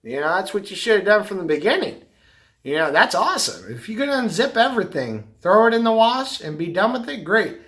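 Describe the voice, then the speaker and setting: A man's voice: high voice, sing-song, brisk, a bit bright. A middle-aged man talking casually to the camera, rambling and repeating himself. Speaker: vlogger, carpet cleaner and business owner.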